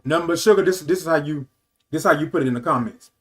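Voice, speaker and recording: Racing through viewer comments, a man in his fifties reads them out and responds with animated affection on his casual livestream talk show. His pitch is a little high, and he calls his audience "baby" and "y'all."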